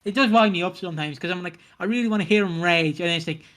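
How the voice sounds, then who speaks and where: High voiced guy, podcast cohost, jokey, keeps laughing. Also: quick pace, a bit bright. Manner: jokey, mimics people, laughs often. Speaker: podcast co-host. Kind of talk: casual podcast chat.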